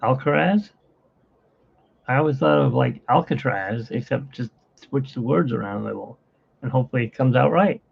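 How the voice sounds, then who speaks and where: A man hosts a loose, rambling livestream from his phone, chatting and laughing often, with dull lo-fi phone audio. His mid-range voice is gravelly with a breathy edge, at a normal speed.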